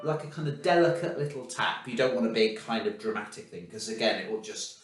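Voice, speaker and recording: A man's voice: mid-range voice, animated, a little fast. A man teaching piano, talking through practice tips and singing little "da" rhythms to demonstrate. His voice sits back from the microphone in a very echoey room, with piano playing heard behind him. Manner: encouraging, demonstrative, sings rhythms as "da". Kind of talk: recorded practice feedback. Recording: very echoey room, mic far off.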